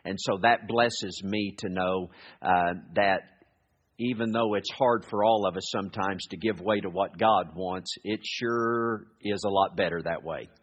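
Husky preacher in an echoey church. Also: male voice, deep voice. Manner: earnest, halting restarts, slows to read scripture. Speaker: guest preacher. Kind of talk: sermon with prayer and scripture reading. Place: church sanctuary. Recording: echoey hall, dull lo-fi sound.

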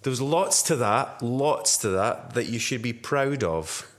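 A man's voice: mid-range voice, animated, takes it slowly. A Scottish man hosting a podcast in casual chat, frank and given to swearing and restarts. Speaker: podcast host.

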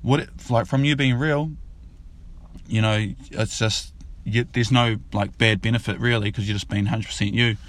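A man's voice: fairly low pitch, fairly even intonation, normal speed. A man, a father casually telling a fable and its lesson in a loose, rambling way. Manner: rambling, repeats himself, loose and informal. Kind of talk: casual spoken storytelling.

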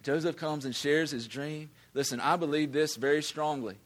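A man's voice: a little high, normal speed. A man, a pastor preaching a sermon in a conversational, emphatic way that often repeats words.

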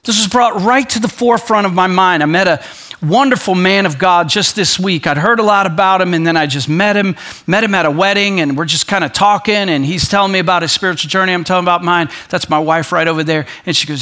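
A male pastor preaching a sermon, animated, acting out quoted voices and dropping to a soft low voice for emphasis. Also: fairly quick.

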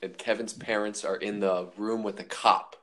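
A young man hosting a casual podcast chat, animated and quick to laugh loudly. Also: lowish voice. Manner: animated, laughs loudly, says "dude" a lot.

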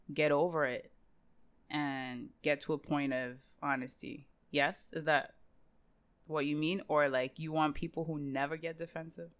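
A woman co-hosting a podcast asks questions and steers the conversation along. Her voice sits low for a woman and sounds smooth and clear. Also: a bit bright. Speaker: podcast co-host. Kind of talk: casual chat.

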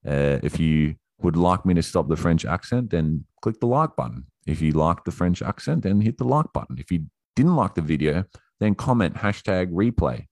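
A young man coaching viewers in a casual motivational talk, blunt and quick to swear, often restarting his sentences. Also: sits low, expressive, darkish tone, no echo, clean studio sound. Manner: blunt, swears freely, self-interrupting.

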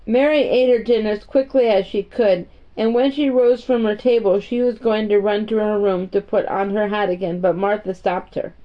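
A woman reading a children's story aloud in a gentle, homey storytime manner. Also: mid-range voice, steady tone, moderate pace, hardly any pauses. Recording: muffled lo-fi recording.

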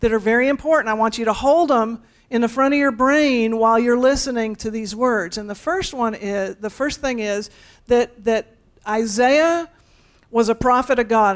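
A woman pastor delivering a conversational sermon, speaking directly to her congregation with playful asides. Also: a little high.

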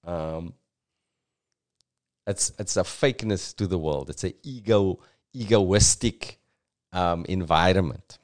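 South african guy musing casually, slow and low, smooth voice. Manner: conversational, reflective, many "you know"s. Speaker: podcast host. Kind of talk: casual commentary.

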